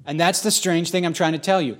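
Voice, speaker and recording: A man's voice: a little high, steady tone, fairly quick. A middle-aged man, a pastor, giving a candid, conversational sermon testimony, often restarting his sentences. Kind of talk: sermon-style personal testimony.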